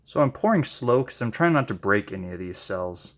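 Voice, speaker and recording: A man chatting casually while he paints, gushing with excited exclamations and making self-deprecating asides. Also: fairly low pitch, a little fast. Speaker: paint-pouring channel host.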